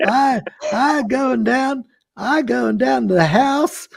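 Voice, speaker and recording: A man voicing a simple-minded rural backwoods man who grumbles in a slow drawl with broken grammar. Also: extremely high pitch, vocal fry, voice pushed up, exaggerated voice. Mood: grumbling.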